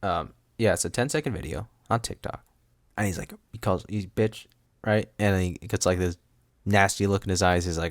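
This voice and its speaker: A man's voice: low voice, steady tone, normal speed, long pauses, dry recording, clean studio sound. A man hosting a solo podcast at a home desk mic, rambling with goofy asides and frequent laughs. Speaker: podcast host. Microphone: studio microphone.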